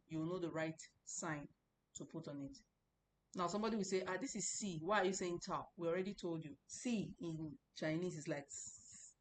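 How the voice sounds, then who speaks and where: A woman's voice: lowish voice, a little hiss or hum. A woman teaching a Mandarin lesson, patiently explaining and repeating pronunciations. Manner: patient and repetitive, drilling pronunciation aloud.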